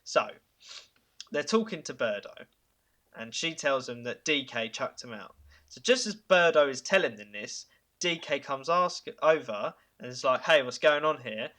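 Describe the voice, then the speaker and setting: Pitching ideas with enthusiasm, this casual podcast host sounds bright, forward and expressive. He speaks at a middle pitch and often hesitates with fillers and chuckles.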